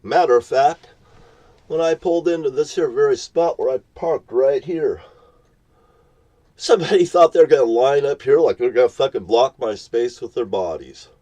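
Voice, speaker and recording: A man's voice: mid-range voice, moderate pace, dark tone. A man ranting at the camera from his parked vehicle in a profane, threatening, preachy tone. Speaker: vlogger.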